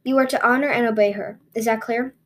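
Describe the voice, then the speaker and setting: A woman's voice: on the high side, steady tone, fast talker, natural voice. A stern, distant father from a fairy tale, giving short commands, as a female storyteller plays him. He sounds curt and detached.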